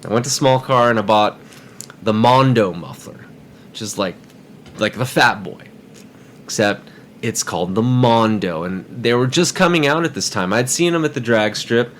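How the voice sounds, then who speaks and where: A man's voice: medium pitch, normal speed, a bit bright, a little hiss or hum. A man telling a story casually on a podcast, rambling and repeating words as he goes.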